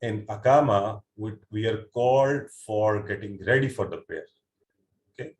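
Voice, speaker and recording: In a reverberant recording from a computer mic on an online call, a man with a fairly low voice teaches a Quran class at a moderate pace. He breaks down word meanings step by step with patience, though he hesitates with fillers and restarts.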